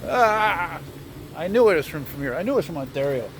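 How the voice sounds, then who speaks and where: A man's voice: a little high, sing-song, racing, a little mellow. Guy rambling on a night walk, camera mic, traffic noise all around. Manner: rambling, chatty, easily amused. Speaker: vlogger host. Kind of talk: casual walking vlog. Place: city streets at night, outdoors. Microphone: handheld camera while walking. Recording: noisy street outdoors.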